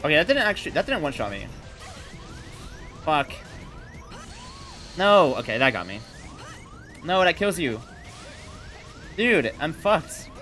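A young man giving excited live commentary while playing a video game, swearing, yelling and laughing at the fight. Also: on the high side, a little slow, long pauses, faint music behind. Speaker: gaming streamer.

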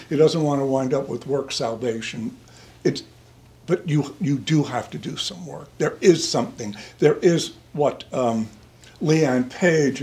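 A man's voice: mid-range voice, darkish tone. An older man, a priest, preaching in a conversational, digressive way and speaking to listeners by name. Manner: chatty, digressive, addresses listeners by name, chuckles. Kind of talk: conversational sermon. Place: church.

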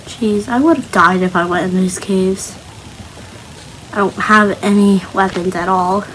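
A woman's voice: mid-range voice, steady tone, takes it slowly, long pauses, a bit bright, a little hiss or hum, poor audio. A young woman talking to herself nervously while playing Minecraft, chatty and easily scared. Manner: nervous, chatty self-talk. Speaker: gaming channel host. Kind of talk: casual Minecraft gameplay commentary.

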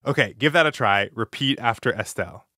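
A man hosting a scripted language lesson, modeling phrases slowly and clearly with encouraging feedback. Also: medium pitch, pushed and bright, dry recording, studio quality. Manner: slow, clear, encouraging pronunciation drills.

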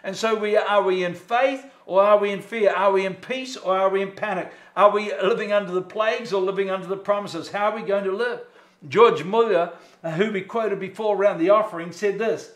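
High-voiced pastor preaching, echoey church. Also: male voice, fairly quick. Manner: emphatic, rhetorical questions. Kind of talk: sermon. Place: church sanctuary.

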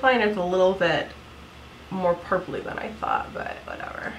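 A woman's voice: lowish voice, moderate pace, a bit bright, slight background noise, rough recording. A woman in her thirties chatting through a makeup tutorial at home, giggly and full of "like" fillers. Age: 30s. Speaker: beauty vlogger. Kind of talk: casual makeup tutorial chat.

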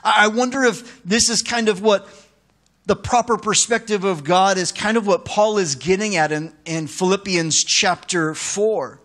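A man preaching a sermon as pastor, conversational and animated, with asides to the congregation. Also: sits high, unhurried.

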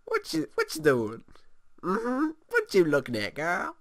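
A man's voice: high-pitched, huge pitch swings, a little slow, pitched above the performer's own voice, heavily acted. A man voicing a sassy, stressed game character in a mocking, sing-song way.

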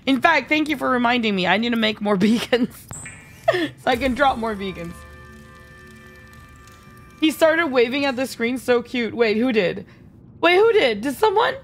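A woman's voice: on the high side, expressive, normal speed, pauses often, soft background music. A woman streaming a game live, chatty and giggly, thinking aloud and answering viewer chat. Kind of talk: live gameplay commentary.

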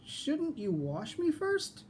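A man voicing a small, cheeky, clever male piglet in a high squealing voice for a read-aloud storybook. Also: huge pitch swings, takes it slowly, background noise, exaggerated voice. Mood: coaxing.

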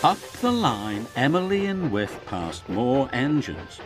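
A man with a British accent narrating a children's storybook in an animated read-aloud manner. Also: medium pitch, slow. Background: background music.

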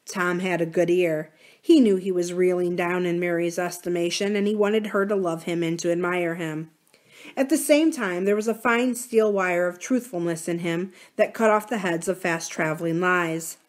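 A woman reading a novel aloud for a library series, in a measured, even storytelling manner. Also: lowish voice. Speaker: library reader.

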